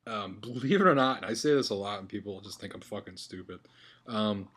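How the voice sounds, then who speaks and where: Cohost dude, bright husky voice, blunt, swears constantly, lively. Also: male voice, fairly low pitch, fairly quick. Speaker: podcast co-host. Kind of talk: casual chat.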